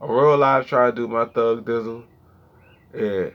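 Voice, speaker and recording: A man in his thirties with a slangy, swearing manner, talking casually and straight to his viewers in a rambling monologue, at times mumbling low and at times getting loud. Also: steady tone, unhurried. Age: 30s. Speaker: vlogger. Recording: dull lo-fi sound.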